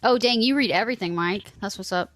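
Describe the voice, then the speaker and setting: A woman's voice: mid-range voice, quick pace, a bit bright, soft background music. A woman in her thirties streaming live, chatting casually and teasing her chat, swearing freely.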